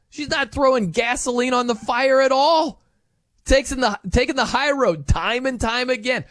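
A man hosting casual sports commentary, animated and wry, acting out quotes in little voices. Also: high voice, dry recording, studio quality. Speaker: sports talk host.

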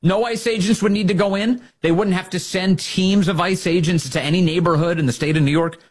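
A man's voice: steady tone, a little fast. A man hosting a political talk show, speaking in a sarcastic, opinionated way and often mocking his opponents. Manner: sarcastic, mocks opponents in high put-on voices.

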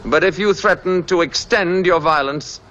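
A stern alien envoy, transatlantic accent. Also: male voice, high-pitched, normal speed, pushed and bright. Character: stern alien envoy man, grave and commanding. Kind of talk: 1950s film acting. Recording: lo-fi old film soundtrack.

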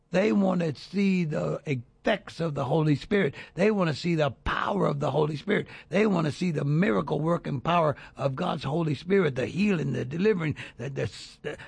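A man with a gravelly, husky voice hosts a Christian radio talk show, sitting a little above the usual pitch for a man. He speaks with the fervent cadence of a preacher and builds emphasis through repetition. The studio sound is dry and close. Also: no echo. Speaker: radio show host, pastor.

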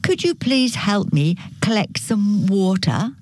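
A woman's voice: medium pitch, animated, slow, darkish tone. A woman voicing a hardworking little hen who keeps politely asking for help in a storybook reading. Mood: pleading. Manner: pleading, polite, then firm.

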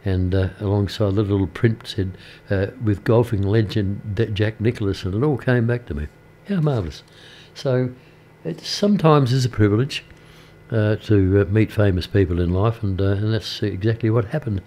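In a radio studio, an older Australian man presenting a community radio show tells an anecdote in casual chat. His lowish, mellow voice rambles and hesitates, with many pauses.

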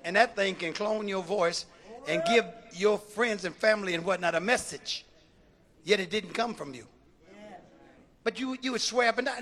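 A man preaching a fiery sermon as a bishop, shouting and repeating phrases rhythmically and calling out to the congregation. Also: high-pitched, normal speed, pauses often. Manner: shouting, rhythmic repetition, call-and-response.

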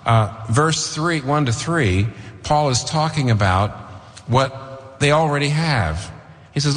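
A man's voice: mid-range voice, expressive, slow pace, in a large hall. A man preaching a sermon, emphatic and rhetorical, repeating phrases for effect. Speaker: pastor.

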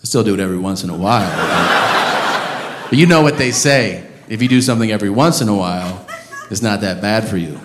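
A man voicing an older male driver who casually brags about hard drug use, in a lowered, slow drawl. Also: echoey room, background noise, lightly acted. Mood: laid-back boasting.

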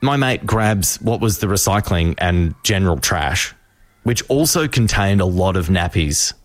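A male radio host, telling a story with lively acted voices. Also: sits low, unhurried, no room sound. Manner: animated storyteller, acts out voices.

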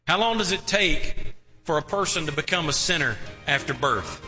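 A pastor delivering a sermon in a church, his voice bright and ringing with a long hall reverb behind it. He preaches at a slow, deliberate pace, stretching key words and tossing rhetorical questions to the congregation. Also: a little high, lively intonation, soft background music. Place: church sanctuary.

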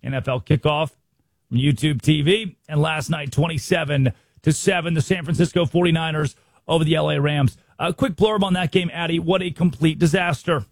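An American man hosting a sports talk show, brisk and opinionated, firing rhetorical questions. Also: on the high side, steady tone, no echo. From United States. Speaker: sports radio host.

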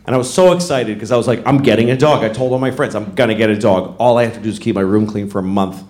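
A middle-aged man doing a stand-up comedy set, telling stories animatedly and acting out voices with loud bursts. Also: lowish voice, fast. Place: live comedy stage. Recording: echoey venue with audience noise.

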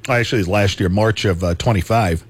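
A man's voice: fairly low pitch, fast, husky. Male talk radio host, casual and chatty, easy laugh. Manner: chatty, laughs easily, repeats himself.

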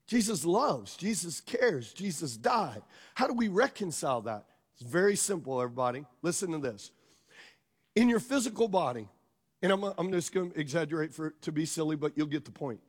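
A man's voice: high voice, sing-song, normal speed. A male pastor preaching a sermon, emphatic and calling out questions to his congregation. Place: church sanctuary. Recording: long reverb of a large hall.

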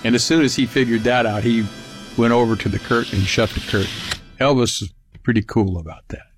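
A man's voice: medium pitch, fairly quick, music in the background. An older man from California telling a casual personal anecdote in a folksy, rambling way with frequent restarts. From Palm Springs, California. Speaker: storyteller.

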